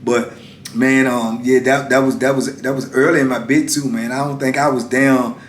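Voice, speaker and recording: Middle-aged guy telling a story, mid-pitched, punchy and slangy, roomy echo. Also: moderate pace. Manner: animated, acts out shouted exchanges, slangy and emphatic. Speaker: former prisoner telling his story. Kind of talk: casual storytelling. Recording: echoey room with faint rumble.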